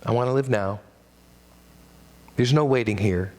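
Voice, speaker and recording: A Midwestern American man performs a one-man stage monologue in a mid-pitched voice. He takes his time, letting each line land slowly. His humor is wry and self-deprecating, with sudden pitch leaps for comic effect. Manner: expressive, jumping pitch for comic emphasis.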